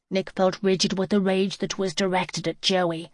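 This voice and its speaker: A woman narrating a novel in a steady, even storytelling manner. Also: fairly low pitch, unhurried, no room sound, studio quality. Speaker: audiobook narrator. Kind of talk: scripted narration.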